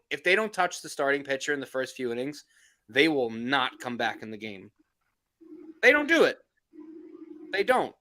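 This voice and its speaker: A man co-hosting a live sports call-in stream, talking in a casual, animated way, swearing and laughing often. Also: a little high.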